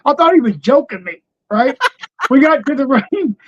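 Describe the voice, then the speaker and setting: The audio is lo-fi, and the voice is extremely high with lively intonation at a normal pace. It belongs to an older ex-wrestler casually telling podcast road stories, laughing frequently and acting out the people he quotes.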